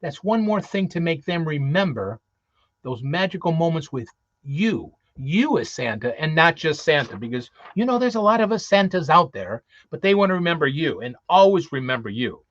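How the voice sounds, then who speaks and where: A man's voice: on the high side, very animated, normal speed, no room sound. A man who performs as Santa, giving earnest, cheerful tips to other Santa performers in a casual live show. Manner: earnest, cheerful, repeats himself. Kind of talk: casual advice talk. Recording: dull, dry lo-fi audio.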